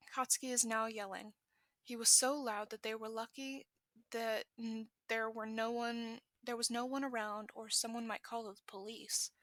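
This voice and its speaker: A woman's voice: fairly high pitch, little pitch movement, fairly bright tone, no echo. A woman reading a fan fiction story aloud, correcting small slips as she goes. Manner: brisk reading with self-corrections. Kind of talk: podfic narration.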